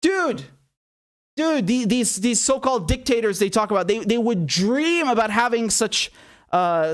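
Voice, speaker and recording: A man hosting a political commentary show, ranting with anger and profanity, often repeating himself, then mocking headlines sarcastically. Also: high voice. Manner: angry, profane, repetitive ranting.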